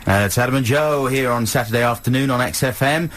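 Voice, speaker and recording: A man's voice: medium pitch, fairly bright tone. A man co-hosting a radio show, in jokey casual banter. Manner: jokey, quick to laugh. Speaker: radio host.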